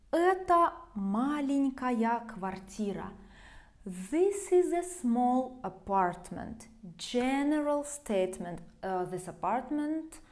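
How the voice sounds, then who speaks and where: A woman with a Russian accent walks learners through grammar at an unhurried, careful pace. Her voice sits a little high, and she often stops to check understanding with a questioning "yeah?". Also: darkish tone. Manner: slow, patient, repeats phrases, asks "yeah?" to check understanding. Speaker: language teacher.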